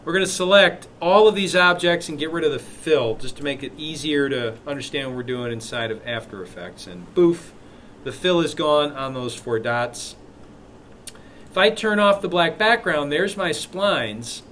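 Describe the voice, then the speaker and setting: A man with a slightly higher voice teaches a software class in a classroom, talking students through each step. He keeps it chatty and throws in joking asides. Faint room noise sits under his voice. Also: expressive, normal speed. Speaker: instructor. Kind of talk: live classroom software demo.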